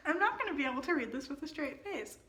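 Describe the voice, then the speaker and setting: A woman's voice: high-pitched, lively intonation, fast, a bit bright. A young woman reading a play aloud and breaking off into rambling, chatty comments full of fillers. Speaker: reader and commentator. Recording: echoey room.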